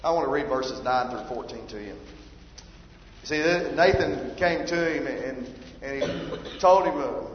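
Pastor guy preaching, gets loud on scripture, big echo hall, kinda muffled. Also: medium pitch, unhurried, slight background noise. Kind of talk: sermon. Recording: roomy hall reverb, dull lo-fi sound.

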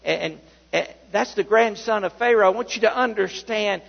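A high-pitched, gravelly man preaching a fervent sermon, his voice ringing with a long reverb through a church sanctuary. He swings from loud exclamations down to hushed asides, and the recording sounds slightly dull. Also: moderate pace. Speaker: pastor.

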